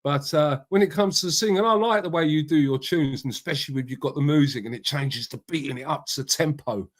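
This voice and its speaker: A man's voice: fairly high pitch, brisk. Middle-aged man, casual live-stream host, rambling, matey, swears. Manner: chatty, rambling, swears freely, greets viewers by name. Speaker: livestream host. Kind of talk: casual live-stream chat reading out comments.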